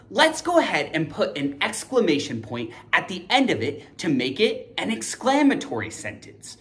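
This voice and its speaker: A woman's voice: lowish voice, fairly bright tone. A young woman teaching an online grammar lesson, upbeat and emphatic, cheering on her students.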